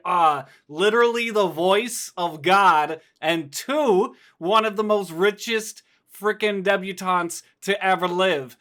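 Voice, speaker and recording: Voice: mid-range voice, bright, forceful tone. A performer playing a folksy, drawling frontier lawman who talks in a threatening way, in a tabletop game. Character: gruff frontier lawman, adult man.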